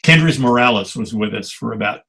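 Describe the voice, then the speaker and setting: An older man, a photographer guest on a podcast, telling long animated anecdotes with some salty language. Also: medium pitch, brisk, creaky, breathy edge. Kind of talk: storytelling interview.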